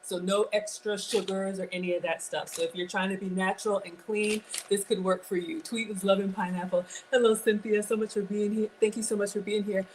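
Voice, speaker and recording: A Ghanaian woman in her forties hosts a casual cooking livestream from her home kitchen, greeting viewers, reading their comments, and joking at her own expense. Her medium-pitched, slightly mellow voice is flat and brisk, with hardly any pauses. The recording is low quality with slight background noise.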